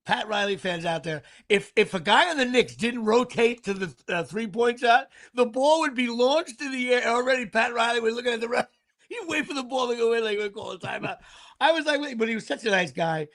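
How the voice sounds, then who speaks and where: A man with a notably high, gravelly voice chats casually as a podcast host. He rambles through his stories and restarts his sentences often. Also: expressive, brisk, fairly bright tone. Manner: rambling storyteller, frequent fillers and restarts. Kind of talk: casual chat.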